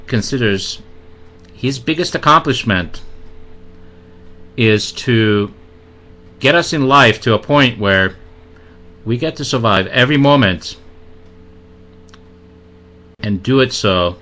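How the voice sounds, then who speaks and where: A man hosting a talk show, speaking in an unhurried way with some hesitant fillers. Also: lowish voice, bright, forceful tone. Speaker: show host. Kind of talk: casual radio talk.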